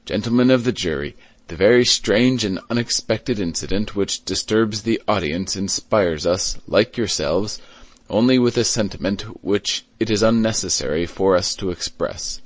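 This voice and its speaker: A man's voice: fairly low pitch, normal speed, hardly any pauses, no echo, close to an everyday voice. A man reading an audiobook, voicing a male district attorney who addresses the jury in a formal, ceremonious way.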